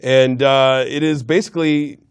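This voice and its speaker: A man's voice: medium pitch, unhurried, gravelly, clear, resonant tone. A man co-hosting a film review show, chatting casually and acting out scenes in mock voices. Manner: animated, acts out lines in mock voices.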